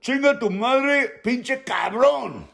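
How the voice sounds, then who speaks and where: A man's voice: fairly high pitch, sing-song, a little slow, gravelly, slightly rough, exaggerated voice. A man doing a cussing freeloader. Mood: insolent. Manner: insolent, curses in Spanish. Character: defiant lazy male freeloader.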